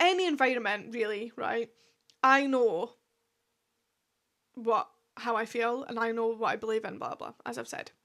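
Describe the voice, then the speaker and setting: A woman's voice: a little high, fairly bright tone. A young woman in her twenties with a Scottish accent, hosting a casual solo podcast in a chatty, rambling way full of fillers and asides. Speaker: podcast host.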